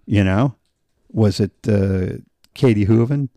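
A man's voice: lowish voice, takes it slowly, mellow, no room sound. A man co-hosting a casual podcast, laid-back and agreeable, often laughing. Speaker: podcast co-host.

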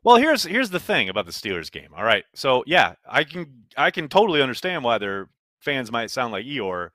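On a casual sports podcast, a male co-host talks emphatically and exclaims often, his medium-pitched voice swinging widely in pitch. He keeps a moderate pace with a fairly bright tone, and there's no room sound.

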